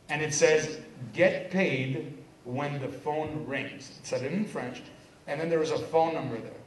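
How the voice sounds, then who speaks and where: A man in his thirties from Quebec giving a lively motivational seminar talk, joking and poking fun at himself as he tells his story. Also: a little high, slight background noise. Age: 30s. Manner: energetic, joking, self-mocking storyteller. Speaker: business seminar speaker. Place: seminar hall with a live audience. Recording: echoey hall, distant mic, audience.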